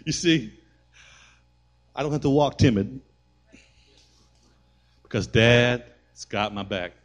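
A man pastor delivers a sermon in a church with a drawl. His storytelling is animated, jumping into acted voices and rising to shouts at the peaks. His pitch sits in an ordinary middle range. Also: slow. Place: church sanctuary.

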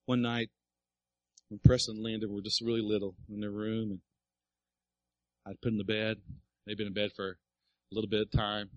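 A man's voice: fairly low pitch, little pitch movement, normal speed, no room sound, highs cut off. A middle-aged male pastor preaching a sermon, telling a family story and building to emphatic appeals.

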